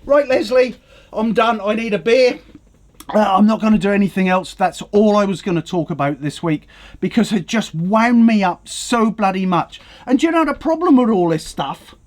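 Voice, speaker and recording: A man's voice: sits high, moderate pace. A middle-aged man delivering an angry, profane political rant. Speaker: online commentator. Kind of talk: ranting political commentary.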